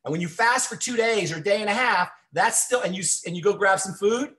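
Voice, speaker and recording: A man's voice: sits high, fairly quick, sharp tone. A man hosting a radio health show, giving earnest, encouraging advice to callers in a Q&A.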